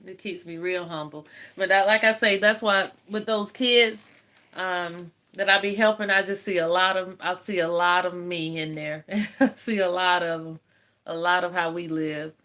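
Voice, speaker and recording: A woman's voice: fairly low pitch, steady tone, normal speed, sharp tone. An older woman with a Southern US accent, chatting and telling stories to live viewers while she eats, laughing often. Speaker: host of a live eating stream. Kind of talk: casual chat with live viewers.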